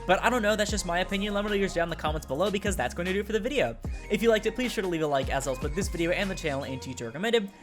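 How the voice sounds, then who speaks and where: A man's voice: high-pitched, expressive. A man reviewing a card game deck in casual, rambling talk, speaking with a sick voice. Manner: fast, rambling, with fillers and swearing. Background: faint background music.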